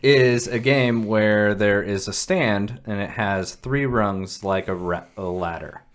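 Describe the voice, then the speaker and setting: A man's voice: on the low side, slow pace. A man co-hosting a casual podcast, rambling and restarting his sentences, with casual swearing. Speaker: podcast co-host. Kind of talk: casual chat.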